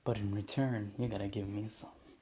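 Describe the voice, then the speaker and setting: Guy putting on a smug demon-dealing teen boy, taunting and low-ish, bit of a hiss. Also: steady tone, a little fast, lightly acted. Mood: scheming. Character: smug teenage boy with demonic deal-making powers.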